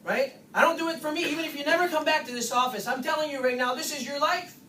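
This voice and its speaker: A chiropractor giving an informal nutrition workshop to patients, lively and full of "guess what?" asides. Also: high-pitched, fast talker. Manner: animated, keeps asking "guess what?". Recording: roomy, distant, faint hiss.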